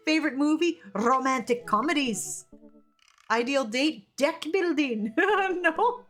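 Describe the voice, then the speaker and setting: Woman streamer, casual game commentary, laughs often, reads chat, fairly high voice, faint music behind. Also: expressive, slow, a bit bright.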